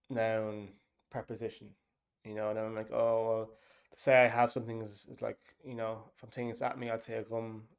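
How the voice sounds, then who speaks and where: Guy rambling through his dev log, gravelly voice, loads of ums and likes. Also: on the low side, a little mellow. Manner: rambling, thinks aloud with many fillers. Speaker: app developer. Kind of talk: casual dev log talk.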